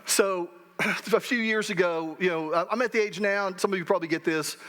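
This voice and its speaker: An older man delivers a sermon in a loose, conversational way, doubling back on his words. His voice sits high for a man, and he jokes at his own expense. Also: fairly quick, fairly bright tone. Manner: conversational, self-deprecating humor, many restarts. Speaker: pastor.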